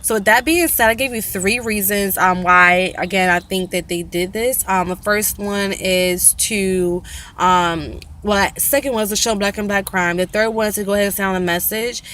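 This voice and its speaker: A young woman talks straight to camera in a relaxed vlog. Her delivery is animated and opinionated, with lots of fillers and restarts, in an ordinary mid-range voice. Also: mid-range voice, moderate pace, a little hiss or hum. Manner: animated, mimics slang in a raised voice. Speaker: vlogger. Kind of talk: casual vlog monologue.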